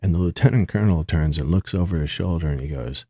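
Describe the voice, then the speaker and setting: A middle-aged man with an extremely deep voice tells a casual, rambling anecdote with an amused, self-mocking edge. The recording is dry and close, with a dull, lo-fi tone. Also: fast, dark tone, slightly rough, no echo. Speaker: podcast host.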